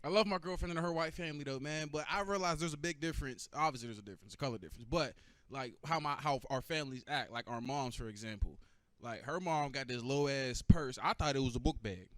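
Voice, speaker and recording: A young man doing stand-up comedy, profane and animated, bantering with the audience. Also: medium pitch, quick pace, no echo.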